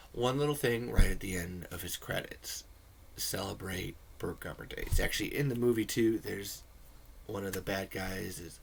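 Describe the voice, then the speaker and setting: Dude ranting to camera, low voice, swears a lot, faint hiss behind. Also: male voice, gravelly, fairly bright tone. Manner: rambling, profane, earnest. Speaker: video creator. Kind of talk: casual ranting commentary.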